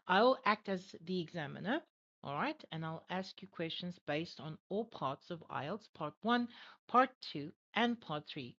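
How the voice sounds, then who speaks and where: A woman acting as an IELTS examiner and tutor in an online English lesson, encouraging and full of "all right" and "okay". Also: lowish voice. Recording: dull lo-fi audio.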